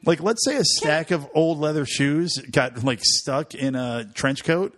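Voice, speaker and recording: Man, slightly high voice, podcast co-host, joking chat, laughs a lot. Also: measured pace. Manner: joking, laughs often, puts on voices in stories. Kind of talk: casual comedic chat.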